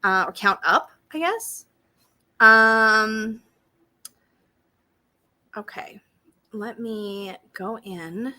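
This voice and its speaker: A woman's voice: on the high side, very slow, long pauses, sharp tone. A woman hosting a live stream in a bubbly, chatty way, greeting viewers by name and reading their comments aloud. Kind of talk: casual live-stream chat.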